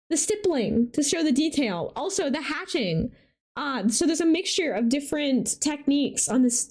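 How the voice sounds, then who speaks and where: A woman's voice: high voice, a little mellow. A woman hosting a live stream, chatting casually and reacting animatedly to viewers' artwork. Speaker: livestream host showcasing community art.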